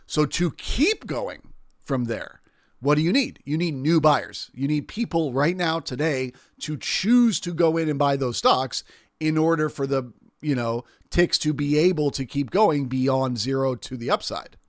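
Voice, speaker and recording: A man's voice: on the high side, lively intonation, a little slow, no echo, studio quality. A man hosting a live trading stream, explaining market moves in a casual way and answering viewers' questions. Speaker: livestream trading host. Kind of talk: live market commentary and chat Q&A.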